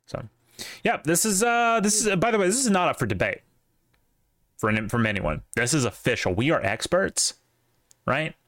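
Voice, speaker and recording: Man, podcast co-host, loose rambling chatter, very lively pitch, dry close sound. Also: normal speed, pauses often, no echo. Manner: opinionated, rambling with many fillers. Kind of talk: casual chat.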